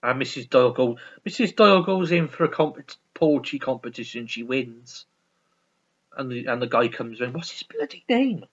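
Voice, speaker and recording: A man's voice: medium pitch, expressive, moderate pace, fairly bright tone. A man chatting casually on his vlog, rambling and swearing, often stumbling and laughing. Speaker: vlogger. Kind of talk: casual chat reviewing a sitcom. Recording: dull lo-fi recording.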